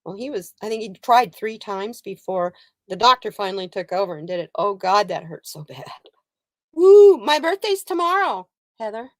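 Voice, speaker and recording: A woman's voice: medium pitch, a little fast, no echo. A woman in her sixties hosting a casual live stream, telling a story and breaking off to greet viewers, laughing often. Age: 60s. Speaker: livestream host and card reader.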